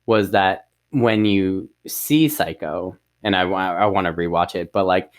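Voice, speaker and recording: A man's voice: deep voice, unhurried. A man co-hosting a podcast, chatting casually and hesitantly about a film and an interview he watched. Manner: easygoing, hesitant, many fillers and restarts. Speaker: podcast co-host. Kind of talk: casual film review chat.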